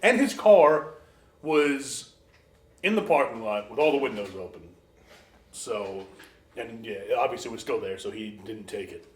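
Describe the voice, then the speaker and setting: A man telling a wild story as an interview guest, animated, acting out quoted voices and laughing often. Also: mid-range voice, measured pace, long pauses, reverberant. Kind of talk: casual storytelling.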